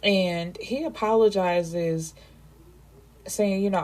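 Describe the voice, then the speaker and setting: Chatty husky-voiced woman book reviewer. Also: lowish voice, a little slow, warm tone. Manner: chatty, emphatic, reacts to the story. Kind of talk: casual book recap.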